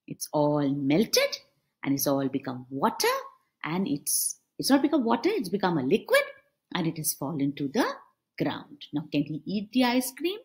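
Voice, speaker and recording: A woman reading a picture book aloud to preschool children, animated and asking them questions as she goes. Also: deep voice, normal speed, slightly rough. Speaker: preschool storyteller.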